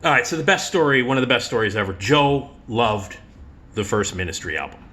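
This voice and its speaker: A middle-aged man spins stories in a casual monologue, with a bright, forceful voice. He swears freely and laughs at his own stories. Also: mid-range voice, a little fast. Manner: animated, profane, laughs while telling stories. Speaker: radio host.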